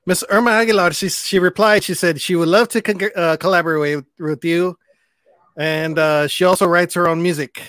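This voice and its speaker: A male host with a high voice reads listener messages in a relaxed way, pausing on fillers. The sound is dry and close. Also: dry recording. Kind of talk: reading listener comments.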